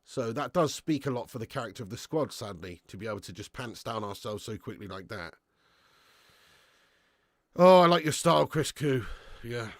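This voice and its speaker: A man hosting a live football watch-along, calling the play and chatting casually with viewers, swearing freely and swinging between excited shouts and weary sighs. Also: mid-range voice, moderate pace, pauses often, dry recording, studio quality. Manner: casual and matey, thanks viewers by name. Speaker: fan channel host doing live match watch-along.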